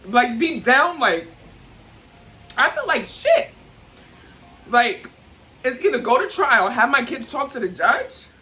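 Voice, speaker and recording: Young woman ranting to her camera, kinda high voice swinging all over, says like a lot. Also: pushed and bright, a little hiss or hum, low-quality recording. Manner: rambling, heated, fillers of "like". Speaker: vlogger. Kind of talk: emotional venting to camera.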